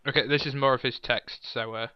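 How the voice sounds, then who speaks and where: A man's voice: medium pitch, fairly even intonation, fairly quick, smooth, no room sound, highs cut off. A man chatting casually while playing a game with a friend, reading game text aloud and laughing often. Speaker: gamer. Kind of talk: casual let's play chat.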